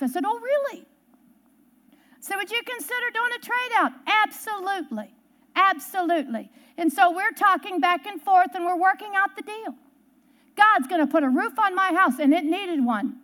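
A middle-aged woman preaching, telling a personal story and acting out the quotes. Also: very high-pitched. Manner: animated storyteller, acts out quotes. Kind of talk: storytelling sermon.

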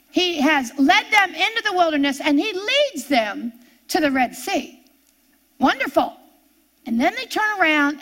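A woman preaching a sermon, animated and emphatic, her voice rising on repeated phrases. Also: very high voice.

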